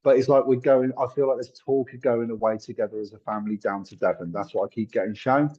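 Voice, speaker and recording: A man with a husky, slightly breathy voice gives a live psychic reading. He talks in a chatty, apologetic way, full of fillers and asides. The stream audio sounds dull and lo-fi. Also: medium pitch, fairly even intonation, fast talker, warm tone. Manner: chatty, apologetic, thinks aloud with many fillers. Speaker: psychic medium.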